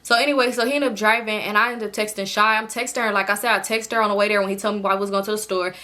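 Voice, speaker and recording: A young woman vlogger telling a story casually to her viewers in an animated, exasperated way. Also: medium pitch, rapid-fire.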